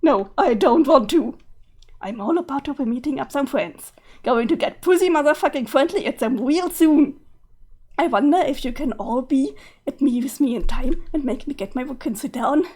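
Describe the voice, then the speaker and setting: A woman reading aloud and voicing a menacing, calm male clown-troll with a slow, sinister drawl. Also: sits high, natural voice. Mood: creepy.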